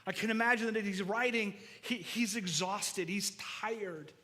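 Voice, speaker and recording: A man's voice: high-pitched, normal speed, bright, forceful tone, long reverb tail. A male pastor preaching an earnest sermon, repeating words as he stresses a point. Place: church hall.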